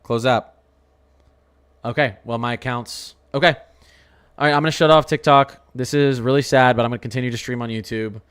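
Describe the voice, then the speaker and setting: Excitable man with a smooth voice. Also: medium pitch, brisk. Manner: excitable, rambling, full of exclamations. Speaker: weather livestream host. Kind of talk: casual livestream commentary.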